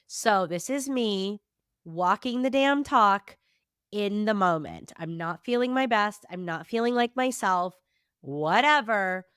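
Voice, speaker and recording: A woman's voice: medium pitch, animated, slow, a bit bright, smooth, no echo, clean studio sound. A woman in her thirties hosting a motivational podcast, her voice nasal and stuffy from allergies, upbeat and emphatic. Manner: upbeat, emphatic, casually swears. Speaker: podcast host and therapist.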